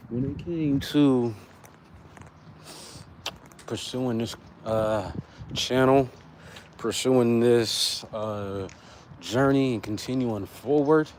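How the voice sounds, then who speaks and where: Casting note: American man, laid-back slangy chatter to live viewers on a walk, faint street traffic behind. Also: medium pitch. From United States. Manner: casual, slangy, talks to chat viewers. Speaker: fitness vlogger. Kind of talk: livestream chat while walking. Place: outdoors on an urban street, walking. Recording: faint traffic noise outside.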